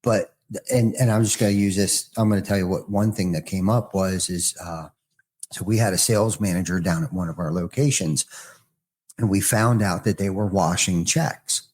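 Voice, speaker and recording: A man's voice: low-pitched, moderate pace, darkish tone. A middle-aged man, a business owner, telling a rambling story in a casual podcast conversation and often restarting his sentences.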